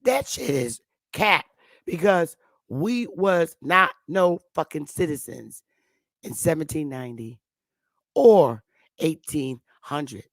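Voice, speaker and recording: A woman's voice: low voice, lively intonation, slow pace, dry recording, clean studio sound. A woman hosting a live stream, ranting with emphatic, profane talk and repeating the same rhetorical questions. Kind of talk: heated live-stream rant.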